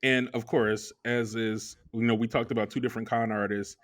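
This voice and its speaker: A man's voice: mid-range voice, little pitch movement, normal speed. A man co-hosting a podcast in casual chat, rambling and often trailing off to restart a thought. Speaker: podcast co-host.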